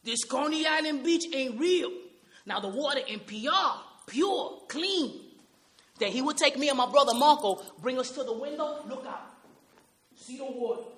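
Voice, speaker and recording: A woman's voice: high-pitched, expressive, normal speed, fairly bright tone. A woman playing a tough young Nuyorican man. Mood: wistful. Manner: tough, confrontational street talk mixed with Spanish. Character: streetwise young Puerto Rican man from Brooklyn, hardened and bitter. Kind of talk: dramatic monologue.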